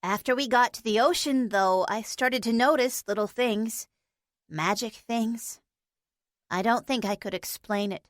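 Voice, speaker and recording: Blunt, sarcastic little female pixie played by a woman narrator, slightly higher voice, dry close audiobook sound. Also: a little slow, no echo, natural voice. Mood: subdued. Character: small teary female pixie, blunt and sharp-tongued.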